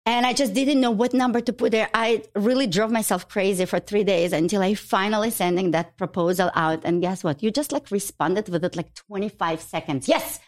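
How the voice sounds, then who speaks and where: A woman, a guest on a podcast, telling a story quickly and expressively and acting out the dialogue. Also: mid-range voice, steady tone. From Ukraine. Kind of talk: animated storytelling.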